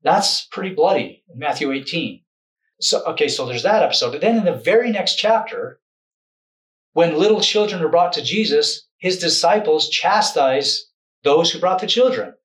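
A man's voice: a little high, animated, normal speed, fairly bright tone, rough recording. Man giving a casual, self-correcting talk. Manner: loose, self-correcting, conversational. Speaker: video lecturer and author. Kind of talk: casual explanatory lecture.

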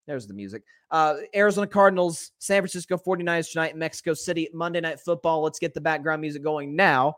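A man's voice: a little high, fairly bright tone, no room sound, clean studio sound. A man hosting a solo sports talk podcast, speaking in an opinionated, candid way, addressing his listeners directly and correcting himself as he goes. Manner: opinionated and candid, talks straight to listeners as folks; conversational with quick self-corrections.

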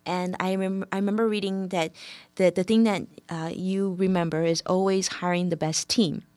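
A woman's voice: lowish voice, fairly even intonation, normal speed, a little mellow, dry recording. A woman hosting an interview, asking questions in an effusive, admiring manner. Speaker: interview host. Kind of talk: conversational interview.

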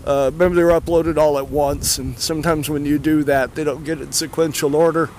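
A man walking fast and a little out of breath, rambling casually with many fillers as he introduces clips. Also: on the high side, level tone, darkish tone, a little hiss or hum. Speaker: podcast host. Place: outdoors near traffic.

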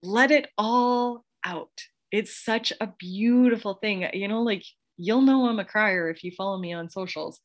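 Woman podcast host, thirties, casual motivational monologue, gushing, laughs often, average pitch. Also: measured pace, few pauses.

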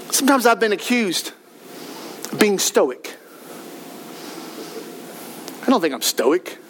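A male pastor preaching a sermon, talking fast and emphatically and building to shouts. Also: high voice, a little hiss or hum.

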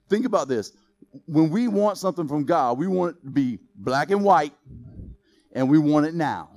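Lively, joking male preacher, high voice. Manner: lively, joking, quizzes the congregation. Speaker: pastor. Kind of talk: sermon.

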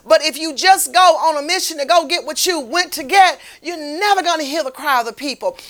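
Woman lay minister, bright ringing tone, urgent sermon cadence. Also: high voice, fairly quick. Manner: fervent, repetitive exhortation. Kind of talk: street-preaching sermon.

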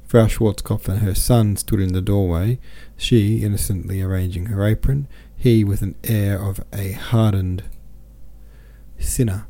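A man narrating a classic novel as an audiobook, his voice dark and mellow with a lowish pitch. He reads in a measured, even way. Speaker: podcast host reading a classic novel.

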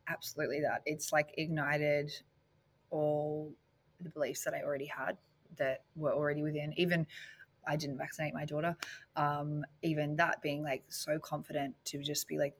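Woman interview guest, husky, breathy tone, open and reflective, casual. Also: low voice, steady tone, unhurried, fairly bright tone. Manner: candid and reflective, laughs easily, many "like" fillers.

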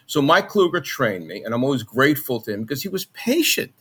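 Guest, middle-aged man, faint Long Island accent, bright forceful voice, animated storyteller. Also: brisk, husky. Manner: animated, jumps into high mock voices when recounting. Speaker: guest, former college radio announcer. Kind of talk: conversational interview storytelling.

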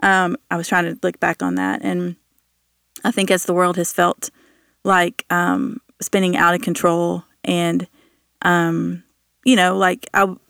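A woman guest on a Bible study podcast, talking earnestly with many pauses and fillers, and reading a psalm aloud. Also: on the low side, steady tone, creaky, fairly bright tone, smooth, no room sound, studio quality. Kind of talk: reflective Bible study chat.

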